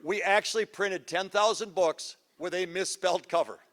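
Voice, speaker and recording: A middle-aged man giving a live parenting talk to an audience, joking, goofy and energetic, teasing the crowd. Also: high voice, normal speed. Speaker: parenting seminar speaker. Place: school event before a live audience.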